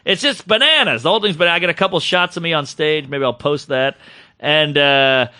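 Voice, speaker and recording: A man co-hosting a podcast, telling a long story in an animated, casual way and acting out other people's voices. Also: a little high, brisk, no echo, studio quality. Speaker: podcast co-host, comedian.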